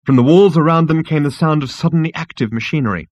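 A man narrating a comic audiobook in a wry, expressive storytelling manner. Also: on the high side, quick pace, dry recording, dull audio.

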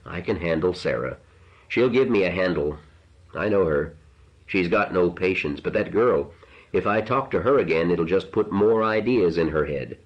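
A tired, curt wife and mother from a read-aloud novel, as a male narrator puts her on. She speaks heavily, in a very low register. The sound is dull and lo-fi. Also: lively intonation, normal speed. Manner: heavy, curt. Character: weary, sharp-tongued middle-aged wife and mother. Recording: dull lo-fi recording.

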